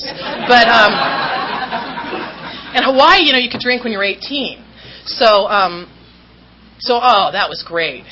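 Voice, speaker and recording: A woman's voice: medium pitch, pushed and bright. A woman speaking at a recovery meeting, telling her story to the audience in a candid, self-mocking way and often laughing as she talks. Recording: slightly dull recording with faint background hum.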